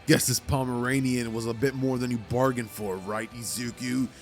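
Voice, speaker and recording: A man's voice: mid-range voice, fairly even intonation, moderate pace, faint music behind, lightly acted. A man voicing a smug, cocky teenage hero boy with a taunting, smirking manner. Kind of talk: fan story narration.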